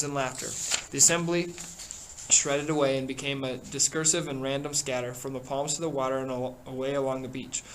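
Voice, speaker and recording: Man reading a novel aloud, measured. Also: medium pitch, fairly bright tone, slight background noise, rough recording. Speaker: reader.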